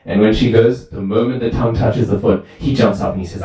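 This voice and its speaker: A man's voice: fairly low pitch, fairly quick. Man preaching in an echoey hall. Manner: lively storytelling, asks "right?" often. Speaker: temple speaker. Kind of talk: sermon with storytelling. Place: temple hall. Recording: very echoey hall, far from mic.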